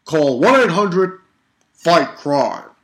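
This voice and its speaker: A man putting on the voice of an urgent male TV crime-show announcer making a slow, drawn-out public appeal. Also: a little high, big pitch swings, fairly bright tone, exaggerated voice. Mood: mock-urgent.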